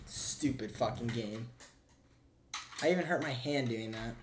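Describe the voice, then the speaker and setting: A young man is streaming from a room at home. He talks loudly and excitably, swears freely and shouts thanks to his chat. His voice sits at a middling pitch, with faint background noise. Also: a little slow. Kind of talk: casual live-stream chat.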